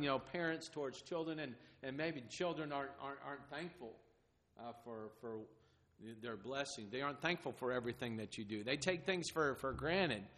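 A man preaching a sermon in an earnest, halting way, often repeating words and acting out the crowd's demands in quoted lines. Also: medium pitch, sharp tone. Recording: long hall reverb.

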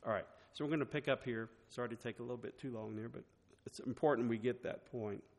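A man's voice: mid-range voice, fast talker, darkish tone. Preacher man in a reverberant hall. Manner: reads scripture aloud, then explains it plainly with restarts. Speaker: pastor. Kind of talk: sermon with scripture reading.

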